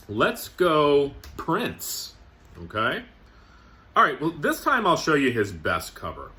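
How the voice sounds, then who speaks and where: Chatty man with a bright voice. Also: low voice. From Canada. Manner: chatty, joking, fond of strong language. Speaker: record collector vlogger. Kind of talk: casual talk to camera.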